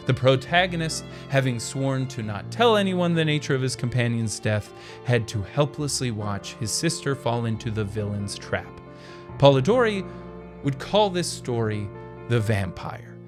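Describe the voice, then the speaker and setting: A man narrates a history video essay in an enthusiastic, chatty and playful manner. His pitch sits in the middle but swings widely. Guitar music plays clearly behind him.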